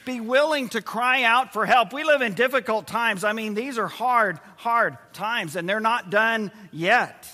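A male pastor preaches with a fairly high, bright voice, earnest and given to repeating his key phrases. The sound is that of a church sanctuary, with a long reverb hanging after his words. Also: measured pace, hardly any pauses. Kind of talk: sermon.

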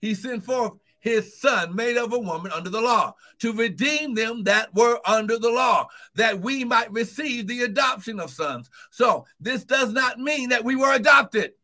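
A high-pitched male preacher delivers a fervent sermon streamed live to online viewers, speaking a little slowly with few pauses. He bursts into shouts of "woo, glory" and repeatedly calls out encouragement to his listeners.

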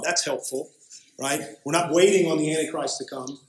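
Pastor guy preaching, kinda high voice, lots of "right?", echoey church room. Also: normal speed. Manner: emphatic preaching with frequent "right?" asides. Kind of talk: sermon.

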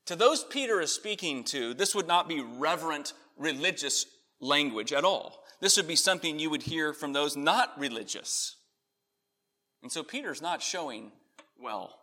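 A man preaching a sermon, earnest, rising in emphasis on key points and then softening. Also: a little high, expressive, moderate pace. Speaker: pastor. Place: church in Connecticut.

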